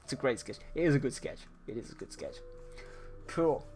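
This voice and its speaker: A man's voice: mid-range voice, animated, a little fast, a little mellow, slight background noise. Teasing man chatting on stream. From England. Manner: teasing, laughing, swearing banter with chat. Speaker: streaming artist. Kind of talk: casual livestream chat.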